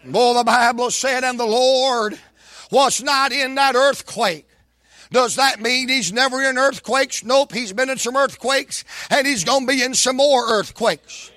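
A man preaching a sermon, folksy and dramatic, swinging from shouts to whispers. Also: very high voice, measured pace, no echo, studio quality.

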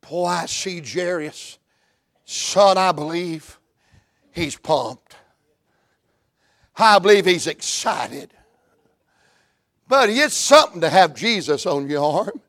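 A man with a Southern US accent preaching a fervent revival sermon in a church, moving from hushed talk to shouts. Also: high-pitched, animated, slow, long pauses, dry recording, studio quality.

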